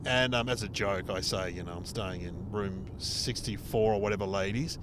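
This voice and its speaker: A middle-aged Australian man and comedian, telling a rude, animated story in casual chat and acting out the other people in it. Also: lowish voice, moderate pace, a little hiss or hum. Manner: animated, swearing, acts out dialogue. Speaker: comedian podcast host. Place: inside a car on a road trip.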